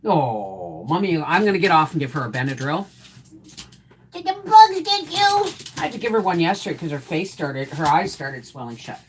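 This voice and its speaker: A middle-aged woman hosting a casual live chat, cooing at her dog in a high baby voice between chatty talk to her viewers. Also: sing-song, a little fast, hardly any pauses, slight background noise. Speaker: homestead livestream host.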